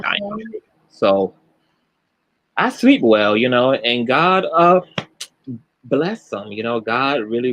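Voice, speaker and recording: A man hosting a casual live chat, talking in an animated, emotional way with spiritual turns of phrase. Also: mid-range voice, no echo, rough recording. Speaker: channel host.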